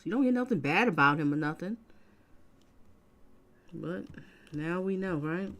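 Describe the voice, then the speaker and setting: A woman's voice: on the low side, moderate pace, pauses often. A woman hosting a commentary channel, musing and chatting in a casual, supportive way.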